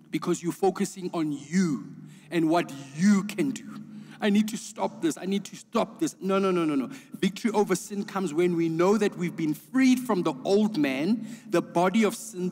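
A man preaching a sermon as pastor. He speaks emphatically, repeats words, and swings between hushed lines and urgent preaching. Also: high voice. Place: church auditorium. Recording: long reverb of a large hall.

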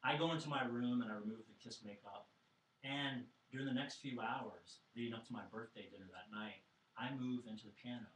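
A man tells a funny personal story to a live audience, animated and wry with deadpan asides. His voice is bright and forceful, heard from a bit away in a roomy living room with faint background noise. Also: mid-range voice, fairly quick. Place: living room of a house show before an audience. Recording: roomy, distant live recording.

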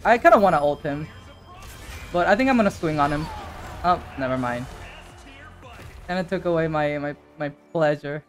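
A man giving casual live commentary while playing a video game, talking to his viewers and breaking into excited shouts. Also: fairly high pitch, moderate pace, pauses often, soft background music. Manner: animated, bursts into excited shouts. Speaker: gaming streamer.

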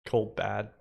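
A man in his forties from the United States, coding live and talking his way through the problem. He is hesitant, restarts often and wanders into casual asides with his viewers. His pitch sits in the middle of the range. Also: gravelly, darkish tone, slightly rough. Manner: thinking aloud, hesitant, rambling asides. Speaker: livestream programmer. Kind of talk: casual livecoding chat.

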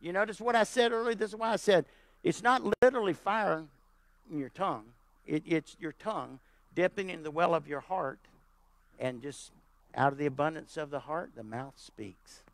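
A pastor preaching a sermon, hammering points with repeated lines, checking in with the congregation, and slipping into folksy, plainspoken asides. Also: male voice, a little high, normal speed, no room sound. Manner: emphatic preaching with repeated lines and calls of "Amen?".

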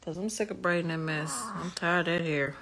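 A woman's voice: lowish voice, steady tone, a little fast, a crowd in the background. A woman, a mother chatting casually with her young son in a family vlog, laughing often and teasing him. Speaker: mother and vlogger.

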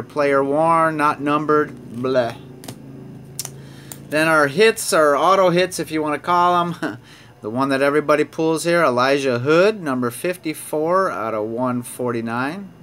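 A man whose voice sits on the high side, a bit bright, casually narrates opening sports card packs amid slight background noise. He chats as he goes, reading card names aloud with small laughs.

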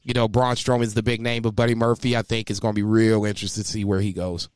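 A man co-hosting a casual podcast chat, excitable and quick to laugh as he retells his reactions. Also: fairly low pitch, clear, resonant tone, dry recording, clean studio sound. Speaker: podcast co-host.

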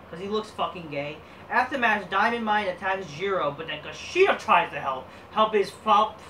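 A man's voice: high-pitched, bright, forceful tone, slight background noise. A man giving a casual, profane, rambling recap of a wrestling show. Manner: crude, profane and rambling, with frequent restarts. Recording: roomy echo, distant from the mic.

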